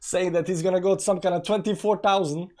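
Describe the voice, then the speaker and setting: A man's voice: sits high, steady tone, fast talker, a little mellow, slight background noise. A man hosting a live stream, explaining chart analysis in a rambling way full of "you know" fillers. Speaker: crypto channel host. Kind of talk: casual live-stream chat.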